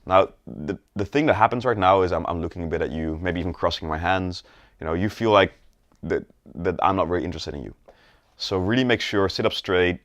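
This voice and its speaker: This male sales coach, talking in a low, slightly bright voice, leads a conversational video lesson, often addressing the viewer and demonstrating postures and gestures. The recording is dry.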